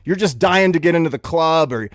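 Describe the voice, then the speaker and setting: A man co-hosting a comedy podcast, ranting in a grumbling, deadpan way. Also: fairly high pitch, brisk, dry recording, clean studio sound. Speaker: co-host.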